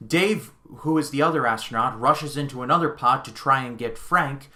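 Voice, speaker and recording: A man's voice: medium pitch, moderate pace, bright, forceful tone. A young man reviewing a movie in a casual video, chatting with amusement as he recounts the scenes. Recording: echoey room.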